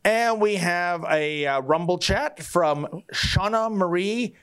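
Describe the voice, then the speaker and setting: A man's voice: sits high, animated, takes it slowly, a bit bright, smooth. A man hosting a live stream, reading viewer chats aloud with wry jokes and theatrical emphasis. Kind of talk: casual live-stream talk.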